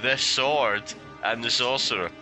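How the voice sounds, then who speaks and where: Joking man, very bright voice. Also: mid-range voice, unhurried, soft background music. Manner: joking, laughs often. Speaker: podcast co-host. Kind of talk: casual film commentary chat.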